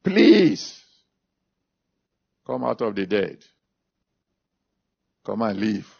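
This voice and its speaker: A man's voice: fairly low pitch, big pitch swings, very slow, creaky, darkish tone, husky. A man preaching a sermon, stressing and repeating scripture references, then leading an altar call and prayer. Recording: dull lo-fi recording.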